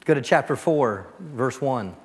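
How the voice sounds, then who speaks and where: A pastor giving a storytelling sermon, dropping to a soft, quiet voice when he prays. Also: mid-range voice, lively intonation, unhurried. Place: church sanctuary. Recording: long church reverb.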